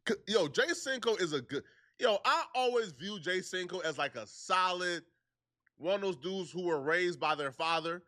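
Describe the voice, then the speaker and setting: A man's voice: high voice, animated, normal speed, sharp tone. A man commenting on a played video in a casual, earnest way.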